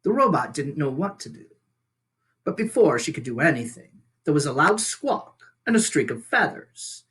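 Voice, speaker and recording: A man reading a children's book aloud with expressive storytelling. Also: a little high, moderate pace. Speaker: reader.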